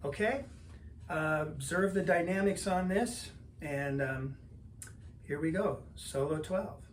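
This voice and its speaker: An older man teaching drums, explaining patterns in a relaxed way and counting in before he plays. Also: fairly high pitch, slow, slight background noise. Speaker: drum teacher. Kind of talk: instructional lesson talk.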